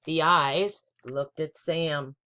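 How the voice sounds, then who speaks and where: A woman's voice: low voice, steady tone, drawn-out words, bright, forceful tone. A woman hosting a children's storytime, reading a picture book aloud.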